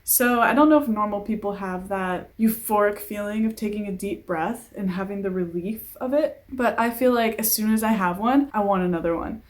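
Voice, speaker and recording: A woman's voice: mid-range voice, normal speed, few pauses. A young woman talking casually to her camera in a rambling, self-deprecating vlog rant, full of asides and sighs. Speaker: vlogger.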